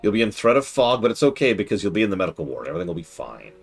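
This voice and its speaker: A man's voice: fairly low pitch, sing-song, very fast, vocal fry, soft background music. A man streaming a management game, talking to his characters with sarcastic, mock-dramatic asides.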